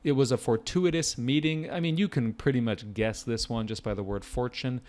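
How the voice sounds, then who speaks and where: An American man teaching a casual vocabulary lesson as a test prep tutor, chatty and relaxed with jokey asides. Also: mid-range voice, normal speed.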